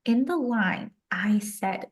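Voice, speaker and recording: A woman's voice: mid-range voice, takes it slowly. A young adult woman, a guest author, telling a personal story in an interview with emotion and many casual "like" fillers. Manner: emotional, animated retelling with frequent "like" fillers.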